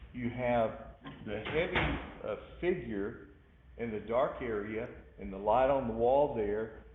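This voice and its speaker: Rambling art teacher on a tinny line. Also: male voice, mid-range voice. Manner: rambling, many fillers and asides. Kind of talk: recorded lecture recap. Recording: echoey room over a tinny phone-like line with faint noise.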